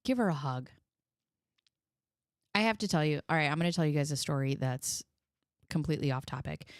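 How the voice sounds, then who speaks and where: A woman's voice: low voice, fast talker, clear, resonant tone, dry recording, clean studio sound. A woman in her thirties hosting a live stream, chatting in a rambling, heartfelt way. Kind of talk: casual commentary.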